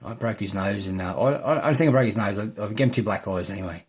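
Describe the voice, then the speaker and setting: A man's voice: fairly low pitch, fast, slightly rough. An Australian man in an angry, heated rant, swearing heavily and restarting his sentences often. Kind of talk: angry ranting monologue.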